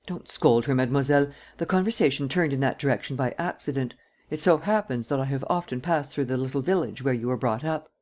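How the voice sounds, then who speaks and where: A woman reads a male master criminal in an audiobook, low and unhurried. He speaks with calm, deliberate self-assurance and never raises his voice. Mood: smooth. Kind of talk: audiobook character reading.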